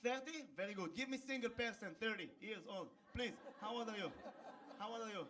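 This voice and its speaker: A man's voice: high voice, a little fast, fairly bright tone. A man doing joking street interviews, playful and teasing, in non-native English. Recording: distant mic with crowd noise.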